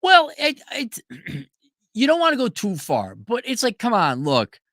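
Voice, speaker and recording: Blunt, sharp-voiced ranting man. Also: extremely high pitch, wildly swooping pitch, unhurried, no echo, clean studio sound. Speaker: host answering viewer super chats. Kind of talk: livestream commentary.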